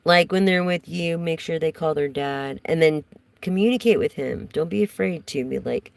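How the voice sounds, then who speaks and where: A woman's voice: low voice, moderate pace, gravelly, no echo, rough recording. A woman giving a casual live tarot reading, chatty and rambling as she talks straight to her viewers. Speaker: tarot reader.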